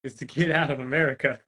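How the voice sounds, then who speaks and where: A man co-hosting a casual livestream, chiming in with low-key, agreeable remarks. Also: fairly bright tone, husky. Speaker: livestream co-host.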